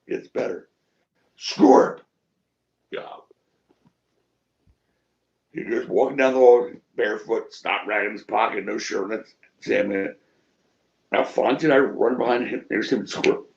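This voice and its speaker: In this shoot interview, the middle-aged wrestling promoter animatedly recounts stories, voicing other people's quotes and swearing freely. He speaks at a measured pace with long pauses, in a creaky voice on the low side. The recording has its highs cut off.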